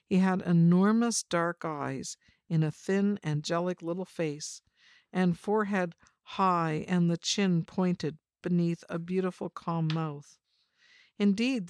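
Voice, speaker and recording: A woman with a fairly low voice reads a first-person memoir, measured and reflective. The sound is close and dry, with no room around it. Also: no room sound. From China. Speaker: narrator of a personal story.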